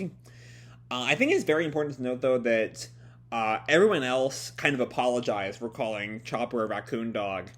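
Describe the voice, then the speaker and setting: An excitable man reads through a comic and reacts as he goes, swearing and musing out loud. His pitch sits mid-range but jumps around in lively swings. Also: moderate pace. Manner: excitable, swearing, thinking aloud. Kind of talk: casual read-along commentary.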